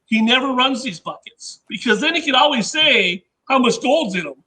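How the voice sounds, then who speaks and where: A man with a squeaky voice, a guest inventor telling rambling anecdotes in casual chat and acting out what others said. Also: animated, normal speed, bright, forceful tone, breathy edge, poor audio. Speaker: podcast guest, inventor and engineer.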